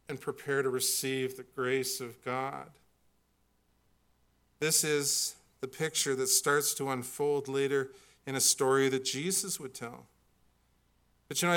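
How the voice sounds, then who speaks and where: A man's voice: medium pitch, bright, forceful tone. A middle-aged man preaching a sermon, earnest and building to emphatic peaks when he reads scripture. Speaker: pastor.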